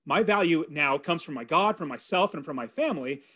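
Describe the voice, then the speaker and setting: A man's voice: a little high, fairly quick, husky. Earnest man telling a personal story. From California. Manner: earnest, animated storyteller acting out his own thoughts. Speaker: podcast guest. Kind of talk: storytelling in an interview.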